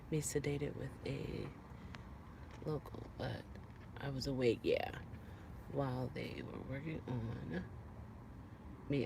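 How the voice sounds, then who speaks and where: A woman chatting casually with live viewers from her car, animated and quick to exclaim and laugh. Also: deep voice, a little hiss or hum. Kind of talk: casual live-stream chat.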